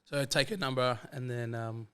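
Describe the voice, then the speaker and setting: An Australian man who is a podcast guest, telling casual anecdotes in a lively way and acting out the dialogue he quotes. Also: medium pitch, clear, resonant tone. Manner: animated, fast-flowing anecdotes that act out quoted dialogue. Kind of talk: casual storytelling chat.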